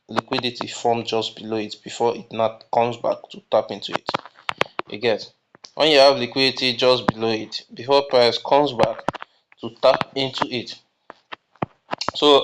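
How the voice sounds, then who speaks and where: A man teaching a trading lesson, often asking "you get?" and answering his own questions. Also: medium pitch. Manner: repeats "you get?" to check understanding; asks questions and answers them himself. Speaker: trading instructor. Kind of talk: screen-recorded lesson. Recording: muffled lo-fi mic with background noise.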